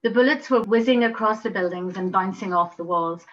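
A woman's voice: mid-range voice, a little fast, close to an everyday voice. A candid young English soldier recalls being shot, as a woman telling the story voices him. He speaks plainly, with little put-on colour. The sound is dull and lo-fi. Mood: sober.

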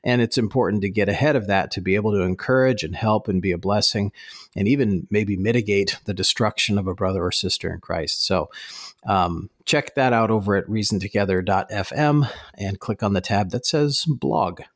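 A man co-hosting a podcast, speaking in a measured, thoughtful way with some hesitations. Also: fairly low pitch, no echo, studio quality. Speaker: podcast co-host. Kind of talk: casual chat.

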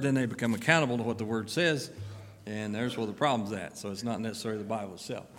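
Middle-aged pastor, folksy and filler-heavy, mid-pitched, recorded in a reverberant sanctuary. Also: male voice, fast. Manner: folksy, filler-heavy, lively rises of emphasis. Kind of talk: church announcements and sermon. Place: church sanctuary. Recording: long church-hall reverb.

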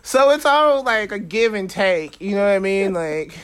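A man chatting casually on a podcast, camp and animated, swearing often. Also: sits high, normal speed, clean tone. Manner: profane, campy and animated. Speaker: guest. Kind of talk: casual chat. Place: Bay Area.

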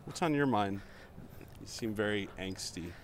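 Low-voiced joking man outdoors. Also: animated, moderate pace. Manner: joking, pushes conspiracy bits. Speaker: podcast co-host. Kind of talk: casual walking podcast chat. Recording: faint street noise.

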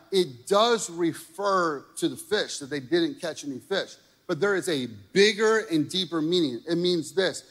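A man's voice: on the high side, big-room sound. A man preaching a sermon in a casual, conversational way, often checking in with the crowd by asking "right?" and "okay?". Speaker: pastor.

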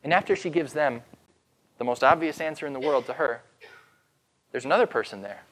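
A man preaching as pastor, retelling a story with dramatic pauses and slowing down for emphasis. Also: a little high, a bit bright, a little hiss or hum. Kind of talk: sermon.

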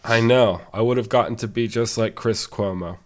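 A man's voice: on the low side, normal speed. A man co-hosting a podcast, sick and congested, who rants with sarcastic exaggeration. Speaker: podcast co-host. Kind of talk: casual ranting chat.

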